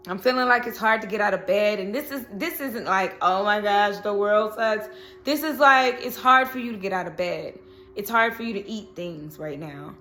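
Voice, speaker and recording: A woman's voice: medium pitch, fairly bright tone. A woman reading tarot cards in a casual chat, who keeps checking in with "okay?" and "you know". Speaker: tarot reader.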